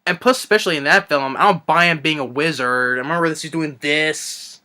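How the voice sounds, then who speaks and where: A man with a bright, sharp-edged voice rants through a film review, audibly exasperated and scornful. He rambles off the cuff, stopping and restarting his sentences, filling the gaps with "you know" and "I mean". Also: fairly high pitch. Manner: rambling, halting, frequent restarts and fillers. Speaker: movie reviewer. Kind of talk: unscripted ranting film review.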